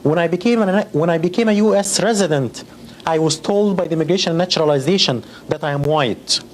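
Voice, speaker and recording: A man from Egypt, giving measured personal testimony with some hesitant restarts. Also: fairly high pitch. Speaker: interviewee.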